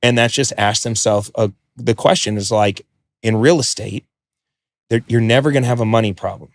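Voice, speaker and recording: A man telling a story as a podcast guest, animated, acting out quotes and swearing freely. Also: fairly low pitch, moderate pace, dry recording. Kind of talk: podcast interview.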